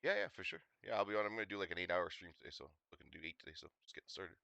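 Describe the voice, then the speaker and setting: A man's voice: sits low, rapid-fire, gravelly, pushed and bright, no room sound, muffled recording. A young man from Canada streaming a game, chatting casually and rambling, laughing often and cracking jokes. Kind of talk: casual live-stream chat.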